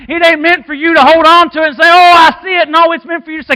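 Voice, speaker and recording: A man preaching a sermon as assistant pastor in a church, passionate and folksy, swinging between shouts and quiet asides. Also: very high voice, little pitch movement, fast talker, hardly any pauses. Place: church sanctuary.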